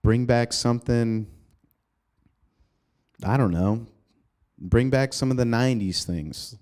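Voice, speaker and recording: A male comedian hosting his own podcast, ranting casually and profanely, rambling with sudden jumps in pitch, recorded in an apartment. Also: slow pace, a little mellow. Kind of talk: casual solo podcast rant.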